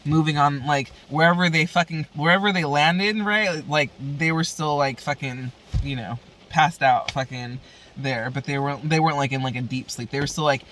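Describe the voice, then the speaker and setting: A woman's voice: sits low, moderate pace, fairly bright tone, slight background noise. A woman vlogger telling a story in casual chat, rambling and profane, full of fillers.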